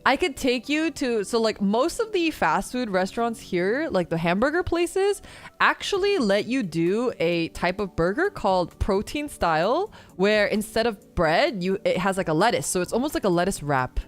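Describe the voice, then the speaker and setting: A woman's voice: mid-range voice, big pitch swings, moderate pace, soft background music. A young woman from the United States hosting a stream, chatting casually and laughing often. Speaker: streamer host. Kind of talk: casual chat.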